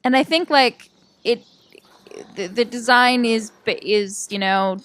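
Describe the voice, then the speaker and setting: A woman co-hosting a podcast, chatting casually over gameplay in an animated way and laughing often. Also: fairly high pitch, slow pace, no room sound. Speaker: podcast co-host.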